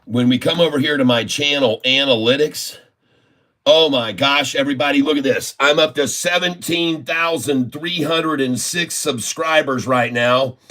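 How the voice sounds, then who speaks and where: A man hosting a live trading stream. He talks in an effusive, folksy way, calls his viewers "folks," and keeps breaking into laughter. His pitch sits in an ordinary middle range. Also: normal speed, bright, forceful tone. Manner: laughs often while talking.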